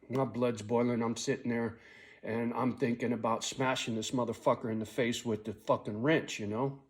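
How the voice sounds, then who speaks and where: A middle-aged man telling a personal story in a blunt, casual way, swearing a lot and often tagging his lines with "right?". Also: medium pitch. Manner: blunt, heavy swearing, frequent "right?" tag; angry when telling the story, quiet and weary when reflecting.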